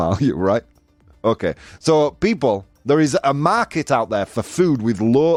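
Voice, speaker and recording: Yorkshire male podcast host, lively rambling delivery, dry recording. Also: on the low side, no echo. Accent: Yorkshire English. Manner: animated, jokey, rambling with restarts. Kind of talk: casual podcast chat.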